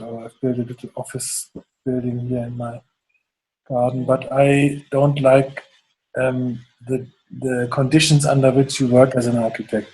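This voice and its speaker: A man's voice: mid-range voice, warm tone, breathy edge, rough recording. A man in his fifties with a German accent, a guest in an interview, talking in a rambling, hesitant way with many fillers. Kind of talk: conversational interview.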